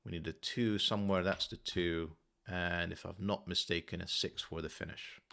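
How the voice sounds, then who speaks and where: Man, deep voice, gravelly fry, methodical puzzle host, thinking aloud. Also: steady tone, moderate pace, pushed and bright. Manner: muttering, methodical, self-correcting. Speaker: sudoku solver and channel host.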